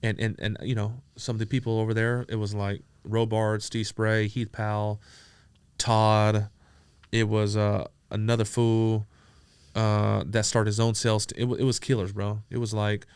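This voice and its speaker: A man from San Diego telling profane, animated stories as an interview guest, acting out the dialogue he quotes. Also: fairly low pitch, a little slow, clear, resonant tone, no echo. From San Diego, USA. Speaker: entrepreneur guest. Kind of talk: casual storytelling interview.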